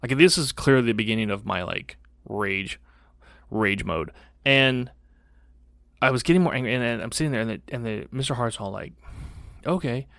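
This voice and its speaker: A man's voice: medium pitch, normal speed, creaky, no room sound. Middle-aged man, podcast co-host, casual storytelling, swears a lot, acts out quoted voices, dry close mic. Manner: animated, profane, acts out other people's lines.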